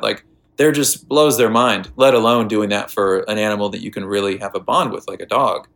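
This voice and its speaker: A man's voice: on the low side, a little fast, gravelly, a bit bright. An American man telling a rambling story in casual chat, full of fillers and restarts. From United States.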